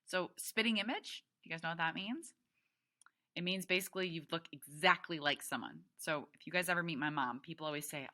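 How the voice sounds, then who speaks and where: Woman teacher with a low, bright voice. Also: a little fast. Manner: explains as she reads. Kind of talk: reading a novel aloud to a class.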